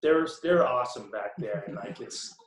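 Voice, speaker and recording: A young man with a Boston accent, a guest in a casual interview, relaxed and rambling with many ums and restarts. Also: medium pitch, moderate pace. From Boston area. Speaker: podcast guest, pro hockey player. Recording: roomy echo.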